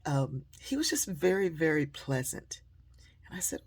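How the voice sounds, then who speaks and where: A woman giving a storytelling talk, animated and acting out the dialogue she quotes. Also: sits low, moderate pace, husky, whispered. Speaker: motivational speaker.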